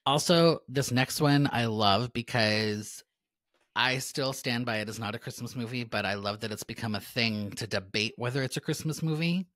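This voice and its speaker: A woman's voice: very deep voice, normal speed, a bit bright, dry recording. A woman co-hosting a podcast, reading out a list of movies and giving dry, understated reactions in casual chat. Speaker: podcast co-host.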